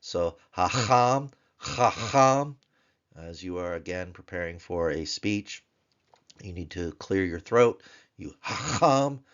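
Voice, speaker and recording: A man teaching a grammar lesson, sounding out words slowly and repeating them for drill. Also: low voice, steady tone, muffled recording. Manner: slow, drawn-out repetition of words for drilling. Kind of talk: recorded tutorial lesson.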